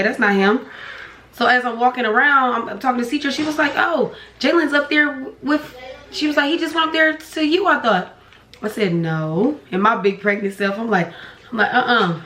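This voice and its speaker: A young woman, telling a story casually while eating, acting out voices with sharp pitch jumps. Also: roomy sound, a little hiss or hum. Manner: animated storytelling, acts out dialogue with pitch jumps. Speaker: vlogger. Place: home room.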